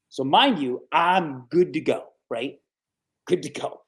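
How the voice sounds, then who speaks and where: A man in his forties from upstate New York, a sports broadcaster telling stories as a podcast guest, animated and casual, often saying "dude" and "right?". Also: a little high, takes it slowly. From Capital Region, New York. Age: 40s. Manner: animated, acts out quoted voices, says "dude" and "right?" often. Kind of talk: casual storytelling interview.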